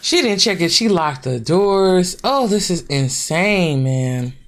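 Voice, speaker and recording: A woman hosting her gaming channel, giving casual horror game commentary. She is excitable, swears a lot, and keeps talking to her viewers. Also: fairly low pitch, slow.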